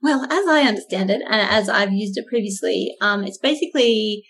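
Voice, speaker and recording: A woman's voice: medium pitch, brisk, a bit bright, slightly rough. Woman explaining things in casual podcast chat. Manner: explains step by step with fillers like "um" and "like". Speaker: podcast co-host.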